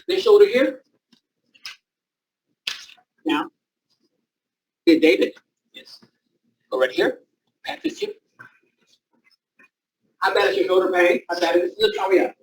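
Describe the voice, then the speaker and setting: A man's voice: high voice, very animated, slow, pauses often, distant mic, poor audio. A man leading a naturopathy training class, coaching volunteers through a live demonstration and repeating short commands. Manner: loose, informal phrasing. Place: training room before a live audience.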